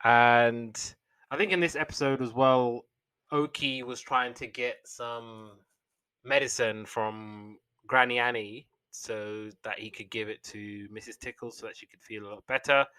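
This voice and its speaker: A man's voice: medium pitch, steady tone, a little slow, bright, forceful tone, clean tone, dry recording. A young man hosting a podcast, casually retelling old cartoon episodes in a rambling way with fillers and restarts.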